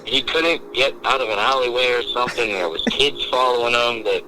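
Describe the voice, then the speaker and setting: A man's voice: medium pitch, a little fast, background noise. A man hosting a podcast, telling a long story with lots of animation and quoting his friends in different voices. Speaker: podcast host. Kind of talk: casual storytelling chat.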